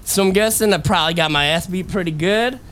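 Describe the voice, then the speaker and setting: Animated young man telling a story. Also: high voice, fast, faint music behind. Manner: animated, laughing, acts out quoted voices. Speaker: podcast host. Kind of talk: casual storytelling chat. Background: fan noise.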